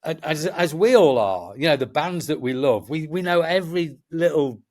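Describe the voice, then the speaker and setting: A man's voice: on the high side, lively intonation, moderate pace, a little mellow. A middle-aged man, a festival promoter chatting as a guest and telling stories passionately, with many restarts. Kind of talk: casual chat.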